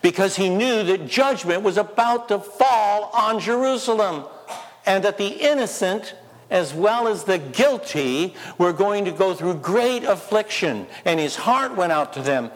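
A man preaching with passion, his somewhat high voice carrying through a church with a long, ringing reverb. He presses the congregation with rhetorical questions, rising to urgent calls and then dropping to soft asides. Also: expressive, measured pace. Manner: impassioned, rhetorical questions, swings between loud and soft. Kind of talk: sermon.

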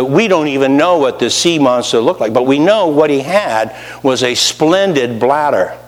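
A man preaching a sermon, animated, with rising emphasis and rhetorical questions. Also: mid-range voice, big-room sound.

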